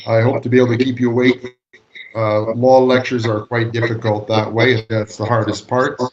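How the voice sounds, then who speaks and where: A man's voice: medium pitch, flat delivery, normal speed, lo-fi sound. A man with a Canadian accent giving a joking, easygoing guest lecture over a video call. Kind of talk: casual remote lecture.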